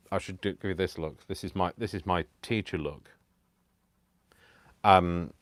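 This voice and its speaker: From home, a low-voiced man hosts a casual live stream where he makes digital crafts, chatting to viewers in a rambling, self-deprecating way. The audio carries no room sound.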